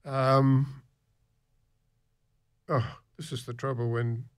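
A man's voice: mid-range voice, little pitch movement, very slow, smooth, no room sound, studio quality. A man in his eighties presenting on the radio, chatting in a rambling, self-deprecating way between songs. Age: 80s. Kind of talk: rambling casual radio chat.

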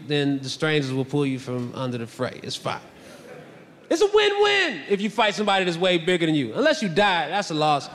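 High-pitched guy doing stand-up, animated, shouts punchlines, long hall echo, faint room hum. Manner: animated, swings into loud shouted bits. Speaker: stand-up comedian. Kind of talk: stand-up comedy set. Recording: reverberant hall with faint ambience.

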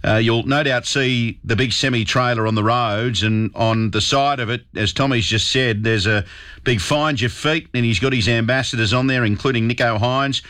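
A man's voice: mid-range voice, fairly even intonation, moderate pace, a bit bright, no echo. A matey Australian man hosting talk radio on a studio mic. His voice is dry and close, with no room sound. He speaks in an upbeat, casual way with plenty of fillers. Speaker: radio host.

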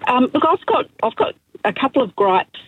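A woman calling a radio show to complain, speaking hesitantly with many pauses. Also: high-pitched, big pitch swings, noisy background. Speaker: caller. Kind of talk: talkback call. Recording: tinny phone line.

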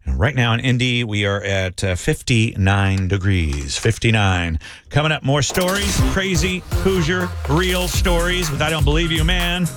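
A man's voice: medium pitch, expressive, normal speed, a bit bright. Male morning radio host, easygoing with fillers, faint music under the voice. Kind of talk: radio show hosting. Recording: studio radio broadcast with music bed.

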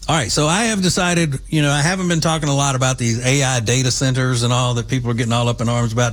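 A man's voice: medium pitch, fairly even intonation, quick pace, few pauses, fairly bright tone. A man hosting a talk radio show, folksy and opinionated, rambling with fillers.

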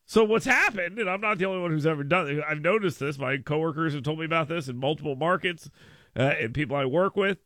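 Animated, bright-voiced male radio host. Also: quick pace, no room sound. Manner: animated storytelling, jumps up in pitch and volume for emphasis. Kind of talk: casual talk radio monologue. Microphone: studio microphone.

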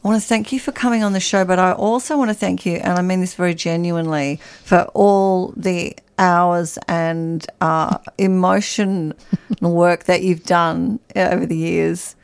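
Chatty woman radio host, gravelly. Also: on the low side, fairly even intonation, measured pace, few pauses. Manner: chatty, laughs easily. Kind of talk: casual radio chat.

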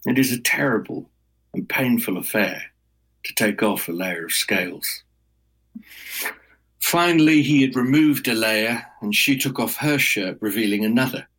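A man telling a folk tale aloud in a measured, dramatic storytelling manner, as a guest on a talk program. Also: medium pitch, animated, fairly bright tone, slightly rough, rough recording.

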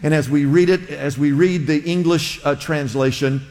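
A man with a somewhat high voice preaches in a church sanctuary, his words trailing off into a long hall reverb. He talks in a loose, conversational way, restarting phrases and calling on the congregation to repeat after him. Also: steady tone, moderate pace, a little mellow. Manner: conversational preaching with audience call-and-response. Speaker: pastor. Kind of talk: sermon.

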